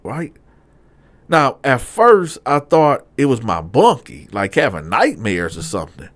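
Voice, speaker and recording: A middle-aged man casually telling a story, swinging between loud acted-out voices and low hushed asides. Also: a little slow. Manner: animated, acts out other inmates in loud raised voices. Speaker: storyteller, channel host.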